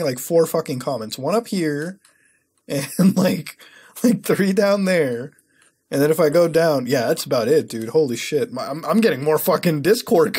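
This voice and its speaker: Husky-voiced young man ranting sarcastically. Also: darkish tone. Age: 20s. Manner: profane, sarcastic ranting with sudden high-pitched outbursts. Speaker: web-browsing commentator. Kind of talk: casual screen-recording commentary.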